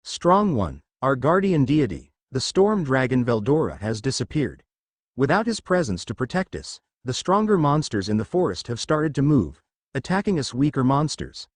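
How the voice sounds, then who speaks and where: A man's voice: medium pitch, sing-song, normal speed, dry recording, studio quality. A man voicing a frightened old goblin elder who pleads humbly. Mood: pleading.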